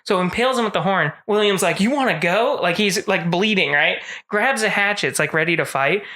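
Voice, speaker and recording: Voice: medium pitch, a little fast, bright, forceful tone. A podcast host casually retelling a film's plot, rambling with lots of fillers and acting out the characters.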